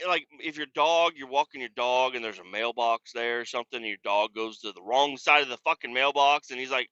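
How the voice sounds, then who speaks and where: A man's voice: mid-range voice, fairly quick, hardly any pauses, sharp tone, no echo, dull audio. A man telling a profane, exasperated story about a chaotic coworker in a casual, mocking rant. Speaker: industrial cleaning worker telling a work story.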